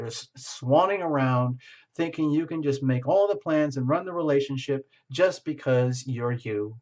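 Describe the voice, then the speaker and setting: Heard on a slightly muffled lo-fi recording, a male tarot reader goes through a reading a little slowly. His voice is medium in pitch and a little mellow, and he speaks frankly, hunting aloud for his words.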